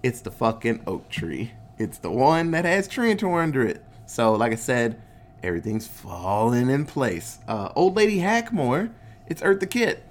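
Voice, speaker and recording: A man's voice: medium pitch, very animated, measured pace. A man casually recapping a movie, laid-back and swearing a lot, acting out the characters' lines in goofy voices. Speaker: podcast host recapping a movie.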